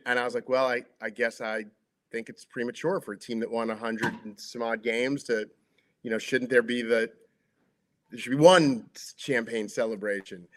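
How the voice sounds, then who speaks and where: Storytelling man, chatty and animated. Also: mid-range voice. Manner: lively storyteller acting out quotes, many "like" fillers. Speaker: sports broadcaster. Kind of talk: casual anecdotal storytelling.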